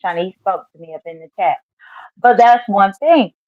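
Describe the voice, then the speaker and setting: A woman's voice: medium pitch, animated, normal speed, dry recording. Outspoken woman on a muffled call. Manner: heated, outspoken, swears. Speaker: livestream guest. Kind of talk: casual livestream chat.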